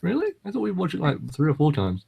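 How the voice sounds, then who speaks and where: A man's voice: fairly high pitch, wildly swooping pitch, fast talker, vocal fry, dark tone, breathy edge. Podcast guy with a bouncy up and down voice, dry teasing. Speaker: podcast co-host. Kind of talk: casual chat.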